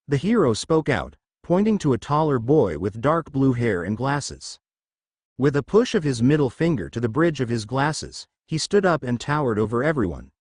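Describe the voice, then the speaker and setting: Lively-pitched man reading fan fiction. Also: moderate pace, no room sound, clean studio sound. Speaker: narrator.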